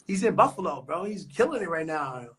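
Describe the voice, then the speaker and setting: A man's voice: a little high, big pitch swings, brisk, a bit bright, breathy edge. A young man from New York talking on a podcast in a loose, slangy, profane way. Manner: slangy, profane, street talk. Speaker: podcast co-host. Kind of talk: casual podcast chat.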